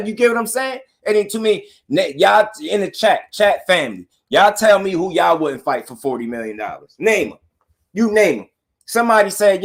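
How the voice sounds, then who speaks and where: A man hosting a live boxing talk stream, speaking in an animated, slangy, repetitive way to his chat. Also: high-pitched, normal speed, gravelly. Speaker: boxing talk show host.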